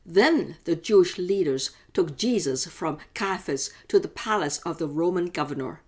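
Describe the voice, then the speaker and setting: Female devotional host, calm scripture reader. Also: fairly low pitch, normal speed, husky. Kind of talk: scripture reading.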